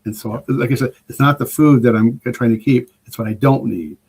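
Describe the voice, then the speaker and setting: A man's voice: medium pitch, steady tone, a little fast, a little mellow, slightly rough. Older male guest; loose, rambling, keen conversational delivery. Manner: rambling, enthusiastic storyteller. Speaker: guest preparedness expert. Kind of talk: casual podcast conversation.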